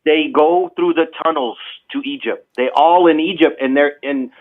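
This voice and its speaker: A man's voice: fairly high pitch, moderate pace. A man calling into a radio show, arguing insistently and repeating his questions, with a Middle Eastern accent, heard over a phone line. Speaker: caller. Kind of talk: heated call-in argument.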